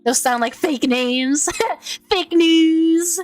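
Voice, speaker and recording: A woman's voice: very high voice, very slow, no echo, soft background music. A young woman streaming casual chat, stumbling over and repeating her words and laughing often. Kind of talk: casual chat, reading out chat messages.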